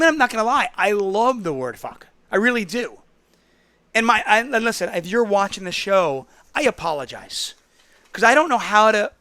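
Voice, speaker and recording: Chatty high-voiced male podcast host. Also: pushed and bright, no room sound. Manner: chatty, storytelling, self-interrupting. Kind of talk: casual solo call-in show talk.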